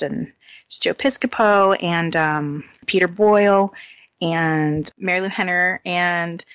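Woman, casual co-host, giggly and chatty, lower voice. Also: fairly bright tone, no echo. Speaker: podcast co-host. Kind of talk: casual chat about comedy films.

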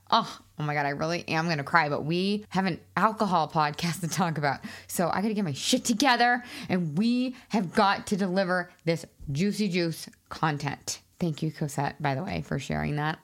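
A woman hosting her own podcast as a weight loss coach, chatting in a bubbly, excitable way full of fillers. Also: fairly low pitch, moderate pace, hardly any pauses. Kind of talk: casual solo podcast talk.

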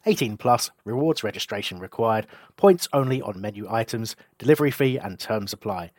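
A man reading a radio advert in an upbeat, lively way. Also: fairly low pitch, a little fast. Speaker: advert announcer. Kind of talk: read advert.

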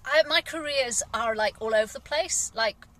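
Bright-voiced English woman, rambling and frank. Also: a little high, moderate pace, poor audio. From England. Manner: rambling, candid, frustrated, frequent sighs and fillers. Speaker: gardener. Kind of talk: personal vlog monologue.

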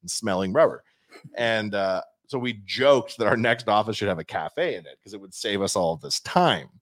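A man hosts a casual podcast chat. He has a low voice and tells stories with lots of energy, jumping up in pitch when he acts out quotes. The sound is dry and close to the mic. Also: moderate pace, no room sound. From Canada. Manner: animated, acts out quotes in raised voice. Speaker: podcast host, company founder.

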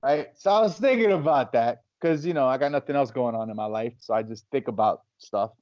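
A man's voice: medium pitch, brisk, darkish tone, dry recording. A man co-hosting a podcast in casual chat, rambling and telling stories with acted-out quotes. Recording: dry, dull lo-fi sound.

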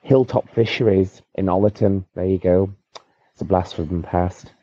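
A man with a very deep voice rambles jokily about whatever comes to mind. He is recording a voice note on his phone from his bed. The sound is dull and lo-fi, and very dry. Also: fairly even intonation, normal speed, dark tone, dry recording. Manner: chatty, rambling, jokey. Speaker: listener sending a voice note. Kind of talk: casual voice note. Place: in bed at home.

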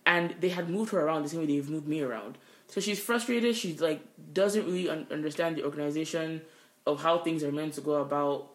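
A woman's voice: sits low, brisk. A woman co-hosting a podcast, telling a workplace story in casual chat, swearing freely. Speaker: podcast co-host. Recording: roomy echo.

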